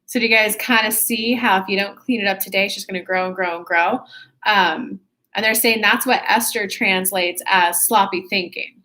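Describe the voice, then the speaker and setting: A woman's voice: medium pitch, steady tone, moderate pace, sharp tone. A woman hosting a casual spiritual livestream, chatty and upbeat, talking to viewers from her computer. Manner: chatty, upbeat, with laughs and self-corrections.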